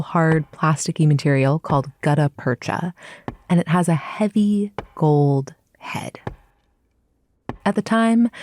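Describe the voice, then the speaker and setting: A woman hosting a podcast, telling history as scripted narration in a measured storytelling manner with dramatic pauses. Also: low voice, warm tone, no room sound. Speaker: podcast host.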